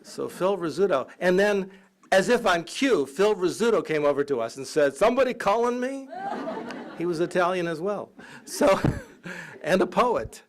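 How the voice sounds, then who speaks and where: A man's voice: high voice, moderate pace. A man, a college professor, giving a humorous public lecture full of anecdotes, often breaking into laughter and irreverent asides. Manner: lively, irreverent.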